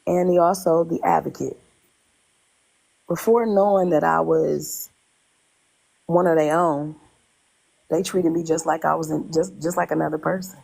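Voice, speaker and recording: A woman with a heavily gravelly, husky voice recounts her own experience in relaxed conversation. She tells it in an animated way, circling back on phrases and acting out the lines of the people involved. Her voice sits somewhat low. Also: a little slow, long pauses, low-quality recording. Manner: animated, retells dialogue in quotes, repeats herself. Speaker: guest telling her story. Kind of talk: casual conversational storytelling.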